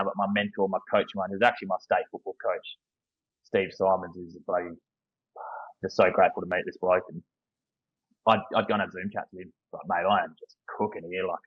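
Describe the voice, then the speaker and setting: A man's voice: sits low, husky, no echo, lo-fi sound. An Australian man in his thirties, a football coach speaking as a guest in a casual interview, candid and earnest, often restarting his sentences.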